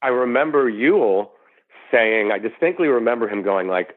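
A male actor guest telling a long anecdote in an animated way, acting out the voices of people he quotes. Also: on the low side, moderate pace. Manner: animated storyteller who acts out quoted voices. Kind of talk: storytelling interview anecdote. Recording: tinny phone-like line.

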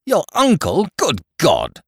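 Male reader doing a sardonic young gent, higher than his own voice, lively and theatrical. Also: breathy edge, no room sound, studio quality, heavily acted. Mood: indignant. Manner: bantering, theatrical, quick. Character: brash, mocking young English gentleman.

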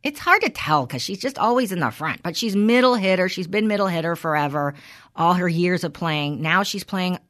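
A middle-aged woman with a fairly low voice tells a story in a loose, conversational way. She is blunt and swears freely, and she vents her frustration as she hosts her podcast. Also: animated, moderate pace, a bit bright. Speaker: podcast host. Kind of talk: casual chat.

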